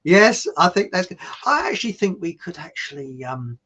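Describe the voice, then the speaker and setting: This man has a high, very animated voice with a bright, forceful tone at normal speed. Hosting his own online show, he rambles casually in live-stream fashion, cracking jokes, laughing at his own quips, and reading viewer comments aloud.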